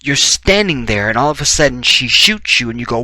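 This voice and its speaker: A man giving opinionated true-crime commentary, talking in an emphatic, animated way with blunt, profane remarks. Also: medium pitch, a little fast, no room sound. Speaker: commentary vlogger.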